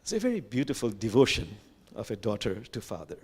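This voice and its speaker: Older man, lively gentle sermon storytelling. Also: lowish voice, slightly rough. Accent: Bangladeshi. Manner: gentle, animated storytelling with pauses and fillers. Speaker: imam. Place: sanctuary.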